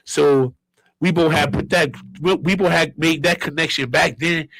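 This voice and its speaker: A man in his fifties from Brooklyn with a New York accent, telling stories as a guest in an animated, streetwise and profane way. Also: on the high side, moderate pace, gravelly, dry recording, low-quality recording. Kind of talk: casual storytelling.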